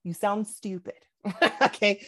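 A man in his thirties, co-hosting a podcast in casual chat, telling animated stories full of acted-out quotes and frequent laughter. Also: high voice, slow, dry recording, clean studio sound. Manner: animated storyteller acting out quotes, laughs often. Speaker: podcast co-host.

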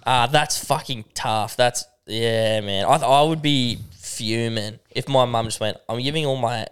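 A man's voice: mid-range voice, a little slow, fairly bright tone, clear, resonant tone. A young Australian man co-hosting a podcast, chatting in a laid-back, sweary way and laughing easily. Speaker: podcast co-host. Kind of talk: casual chat.

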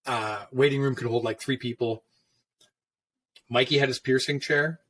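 A man's voice: mid-range voice, fairly even intonation, moderate pace, fairly bright tone, breathy edge. A veteran tattoo artist, a man, telling stories from his career in a rambling, profane, casual way. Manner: rambling, profane, filler-heavy. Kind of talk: casual storytelling.

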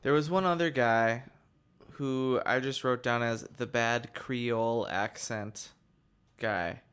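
A young man co-hosts a casual podcast chat with a smooth, resonant voice. He is chatty and quick to joke. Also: medium pitch, fairly bright tone. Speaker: podcast co-host.

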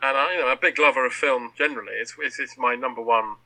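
A man's voice: mid-range voice, sharp tone, poor audio. A man from Britain, a podcast guest talking casually with frequent restarts. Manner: chatty, stumbling restarts, quick laughs. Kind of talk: casual chat.

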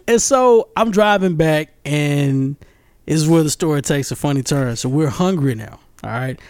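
A man tells a funny story in relaxed conversation, often breaking into laughter and repeating himself. His voice sits high for a man. The sound is close and dry, with no room echo. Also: moderate pace. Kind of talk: casual storytelling chat.

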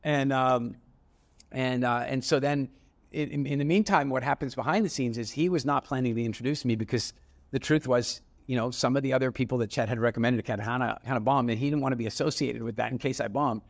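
Gravelly middle-aged man telling a story. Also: medium pitch, a little fast. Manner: animated storyteller with many restarts, acting out dialogue. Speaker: entrepreneur guest. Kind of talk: casual storytelling interview.

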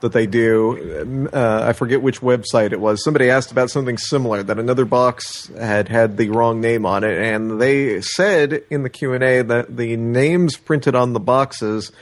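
A man's voice: mid-range voice, normal speed, few pauses. A man co-hosting a casual podcast, talking things through at length and full of opinions. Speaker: podcast co-host. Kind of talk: casual chat.

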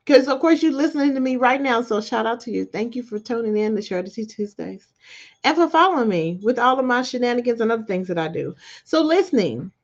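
This woman talks a little fast on her podcast, with lo-fi sound quality. In an easygoing motivational chat she recounts stories with animation, laughs frequently, and pitches her voice high when she quotes herself.

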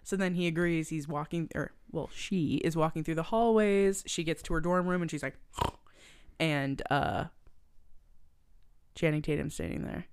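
In a clear, resonant, low-pitched voice at a moderate pace, a young woman co-hosting a podcast walks through a movie plot. The chat is casual, she swears freely, and she animatedly performs the characters' lines.

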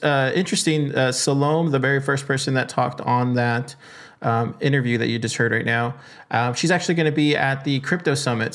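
A man's voice: medium pitch, gravelly. A man hosting a podcast, talking loosely and casually with lots of fillers. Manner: loose and chatty with many fillers. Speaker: podcast host. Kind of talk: casual solo podcast talk.

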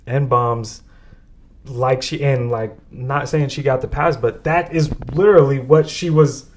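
A man from the Bay Area telling a funny story on a podcast, animated and full of fillers, laughing often. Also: mid-range voice, measured pace. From San Francisco Bay Area. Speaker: podcast co-host. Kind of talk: casual storytelling chat.

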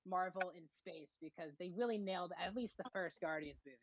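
A woman's voice: fairly low pitch, fairly quick, lo-fi sound, a little hiss or hum. A woman co-hosting a podcast, reviewing movies in a matter-of-fact, casual way with frequent ums.

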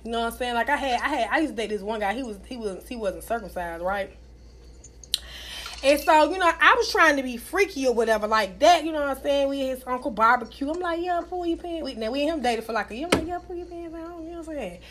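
Loud, brash high-voiced woman. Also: expressive, quick pace, a little hiss or hum. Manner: loud, brash storytelling, cussing freely. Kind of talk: casual podcast chat.

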